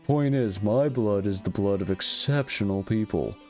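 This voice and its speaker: A man's voice: fairly low pitch, sing-song, fairly quick, a little mellow, faint music behind. A man doing a laid-back goofball hero. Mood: boastful. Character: romantic goofball male adventurer boasting of lineage.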